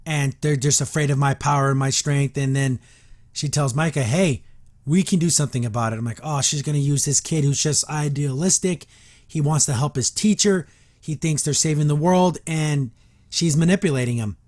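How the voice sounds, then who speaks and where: A man's voice: fairly high pitch, moderate pace, darkish tone. A man hosting a review podcast, casually retelling a cartoon episode and briefly acting out the characters' lines. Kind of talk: casual recap and reaction.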